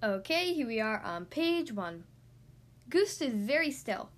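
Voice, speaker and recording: Animated woman reading to kids. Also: on the high side, unhurried. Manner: bright, animated storytelling. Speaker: podcast host and children's book reader. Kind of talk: reading a picture book aloud.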